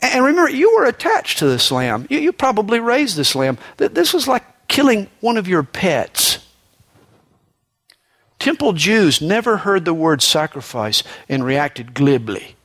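A man preaching a sermon in a conversational way, often adding "you know", raising his voice for emphasis and dropping it low and slow on solemn points. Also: very animated, a bit bright.

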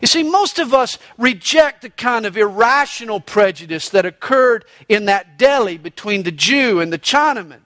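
A man's voice: high voice, expressive, normal speed, few pauses, a bit bright, no echo. A man preaching a sermon as pastor, emphatic, telling stories and quoting scripture. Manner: emphatic preacher telling a joke with quoted voices.

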